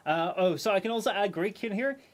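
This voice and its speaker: A man's voice: sits high, lively intonation, fairly quick. A man from the Netherlands with a Dutch accent that leans American, native Dutch speaker, chatting casually with viewers while streaming a game, rambling with lots of fillers and restarts. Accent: Dutch, with an American lean.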